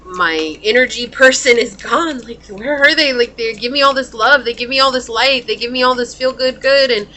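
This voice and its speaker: A woman's voice: fairly high pitch, moderate pace, few pauses, sharp tone, pitched above the performer's own voice. A woman acting out a needy coworker who is distraught and panicked, in a slightly raised voice.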